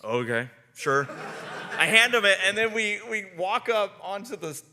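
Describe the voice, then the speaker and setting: A man's voice: high voice, normal speed, pushed and bright. A man chatting on a convention panel, telling a story and laughing. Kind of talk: casual storytelling.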